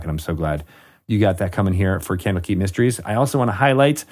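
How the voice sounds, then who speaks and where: Low-voiced man hosting a chatty podcast. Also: darkish tone. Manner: friendly, rambling with many fillers. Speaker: podcast host. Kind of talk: casual chat.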